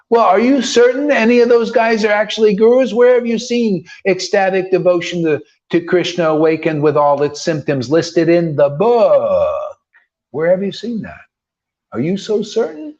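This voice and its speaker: A man's voice: high voice, sing-song, normal speed, a little mellow. A man preaching informally as a spiritual teacher, firing combative rhetorical questions and tossing in slangy "man" asides. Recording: dull lo-fi recording.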